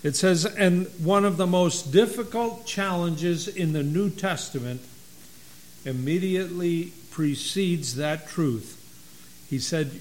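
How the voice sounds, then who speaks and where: A middle-aged man who is a pastor, preaching a sermon in a slow, folksy storytelling way. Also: high-pitched, a little mellow, poor audio.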